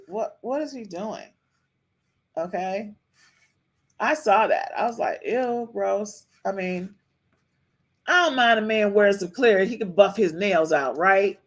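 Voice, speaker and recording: Woman, podcast host, casual live-stream chat, sassy, animated, repeats herself, middling pitch.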